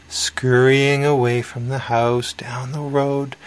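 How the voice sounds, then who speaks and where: A man reading a spooky children's story aloud on the radio, slow and expressive with dramatic pauses. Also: medium pitch, slight background noise.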